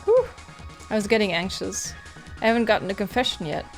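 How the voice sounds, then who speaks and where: A woman's voice: medium pitch, a little fast. Woman gamer, casual and candid, narrates and comments between lines, faint music under her. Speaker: gaming YouTuber. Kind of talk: let's play commentary and narration.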